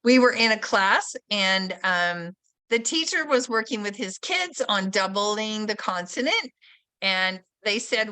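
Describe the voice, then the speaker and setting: A woman's voice: medium pitch, lively intonation, measured pace, sharp tone. A woman leading a teacher training session, explaining a spelling routine and modeling classroom questions. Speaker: literacy trainer. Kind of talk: professional development webinar.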